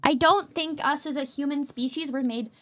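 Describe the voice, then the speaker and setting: A young adult woman streaming as a VTuber, chatting casually and playfully with her chat in quick jokey asides. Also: sits high, fairly bright tone.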